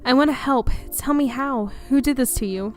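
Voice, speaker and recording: A woman's voice: sits high, moderate pace, soft background music, close to an everyday voice. A woman voicing a young female medium, shaken but stubborn, reading her lines plainly in her own voice. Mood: earnest.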